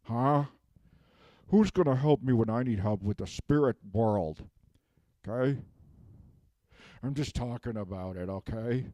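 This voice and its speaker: A sulky, resentful villain whines that he has been unmasked, as a man acts him out. He rambles, keeps tagging "okay?" onto his complaints, and speaks in a warm, mellow voice in a comedic self-tape monologue. The sound is close and dry. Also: medium pitch, expressive, a little slow, pauses often, no room sound, close to an everyday voice. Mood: whiny, aggrieved.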